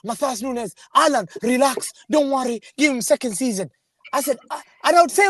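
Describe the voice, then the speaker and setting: A man's voice: extremely high pitch, fairly bright tone, no echo. Insistent man arguing in a fan debate. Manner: fast, insistent, talks over others. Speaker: guest panelist. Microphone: video call.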